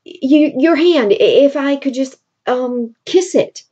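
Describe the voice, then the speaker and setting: A woman's voice: high voice, animated, slow, dark tone, highs cut off, voice pushed up. A woman voicing an awkward, tongue-tied young man who stammers and pleads with the woman he loves. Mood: pleading.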